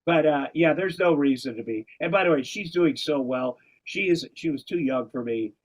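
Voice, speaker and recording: A man's voice: a little high, moderate pace, low-quality recording. A man hosting a podcast in casual chat, rambling through his own stories, breaking off mid-sentence and restarting, swearing now and then. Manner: rambling, self-interrupting storyteller, swears casually. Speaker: podcast host.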